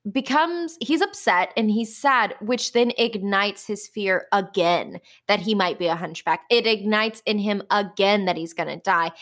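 A woman co-host talks through a book in a loose, chatty way. She acts out little quoted lines as she retells the scenes. Her voice sits a bit higher than most. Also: fairly bright tone. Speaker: podcast co-host. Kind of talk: casual book discussion.

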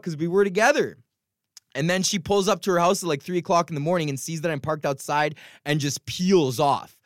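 A young man hosting a podcast, talking frankly in a rambling, profane way with many halting restarts. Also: fairly high pitch, animated, a bit bright, no room sound, studio quality. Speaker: podcast host. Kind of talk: casual rambling monologue.

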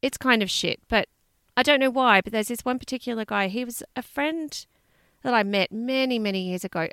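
Gravelly-voiced Australian woman chatting. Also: fairly high pitch, fairly quick, a bit bright, no echo, studio quality. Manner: chatty, swears casually, laughs often. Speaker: podcast co-host. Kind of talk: casual chat.

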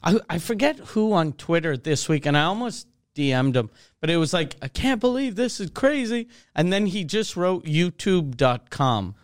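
Smooth-voiced swearing male podcast co-host. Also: fairly high pitch, sing-song. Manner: crude, swears freely, halting restarts. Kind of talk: casual chat.

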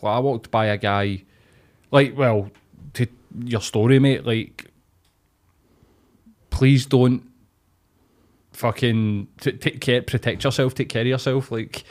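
A man's voice: medium pitch, fairly even intonation, takes it slowly, pauses often, a little mellow. A man co-hosting a podcast, chatting in a sweary, reassuring way. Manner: sweary, reassuring, backchannels a lot. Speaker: podcast co-host. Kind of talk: casual chat.

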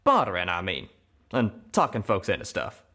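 A man voicing a boastful male pegasus pony gunslinger who talks in a folksy drawl, animated and emphatic. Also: low-pitched, moderate pace, full character voice. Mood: defensive.

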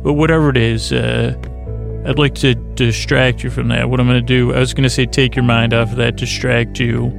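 A man hosting a bedtime podcast in a soft, lulling, creaky voice, meandering goofily through asides and restarts, recorded in a closet. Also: medium pitch, level tone, a little fast, music in the background. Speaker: podcast host. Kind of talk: rambling bedtime podcast monologue.

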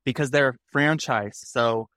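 A man's voice: mid-range voice, unhurried, a bit bright, no room sound, clean studio sound. A young adult man, a podcast guest, telling casual stories and animatedly acting out the people he quotes. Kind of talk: casual storytelling.

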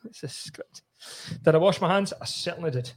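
Scottish guy hosting a footy pod, slightly high voice, jokey and sweary. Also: a little fast, slightly rough. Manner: swearing, laughing, banter. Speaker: podcast host. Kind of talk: casual chat.

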